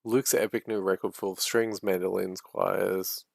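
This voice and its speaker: A man's voice: deep voice, level tone, a little slow, creaky, dry recording, studio quality. A man casually reading a narrative game aloud and musing about it as he goes, swearing freely. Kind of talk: casual playthrough commentary.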